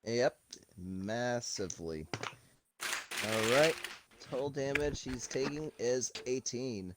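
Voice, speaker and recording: A man plays a tabletop game in a blunt, brash way, swearing freely. His voice is of middle pitch, and the noisy mic carries hiss and keyboard typing behind him. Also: takes it slowly. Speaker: player. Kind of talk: casual game chat.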